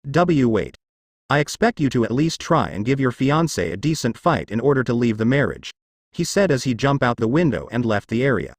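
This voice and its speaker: At a brisk clip, a man reads fanfiction aloud, giving every character's lines as well as the narration his own voice. Big pitch swings mark his delivery, and the sound is dry and close, with no room sound at all.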